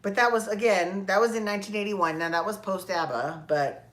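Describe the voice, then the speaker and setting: On her own show, a podcast host delivers casual solo commentary that rambles, with plenty of swearing and self-corrections. She talks a little fast in a mid-range, slightly bright voice.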